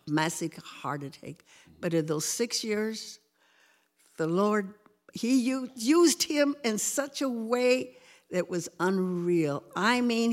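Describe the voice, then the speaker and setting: An older woman telling her church testimony in an earnest, rambling way, her voice lifting when she quotes people. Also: medium pitch. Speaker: guest giving a testimony.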